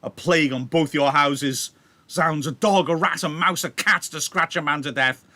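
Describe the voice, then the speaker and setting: A man voicing a wounded young male swordsman, bitter and mocking, loud and cursing as he reads the scene aloud. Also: high-pitched, normal speed, no room sound, voice pushed up. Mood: bitter, raging.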